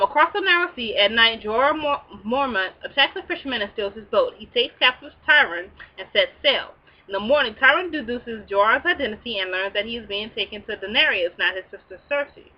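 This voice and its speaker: A woman's voice: fairly high pitch, animated, brisk, lo-fi sound. A woman hosting a casual episode recap, reading plot summaries and breaking in with sassy, slangy asides. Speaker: recap show host.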